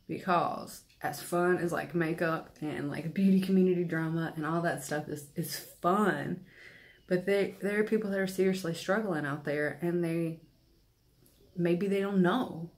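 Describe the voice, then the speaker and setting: A young woman talking earnestly and a bit ramblingly in a personal vlog, sprinkling in lots of "like.". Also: lowish voice. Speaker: beauty vlogger.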